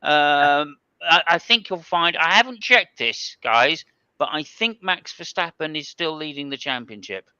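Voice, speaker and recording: Bright-voiced male host, chatty and joking. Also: fairly high pitch, expressive, unhurried, smooth, no echo, muffled recording. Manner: chatty, joking, stops and restarts. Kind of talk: casual chat.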